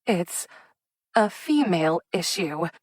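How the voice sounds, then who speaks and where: A woman's voice: lowish voice, lively intonation, takes it slowly, no echo, clean studio sound. A woman voicing a sardonic, theatrical young female amateur detective in an audiobook. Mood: arch. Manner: arch and sardonic, with put-on fainting.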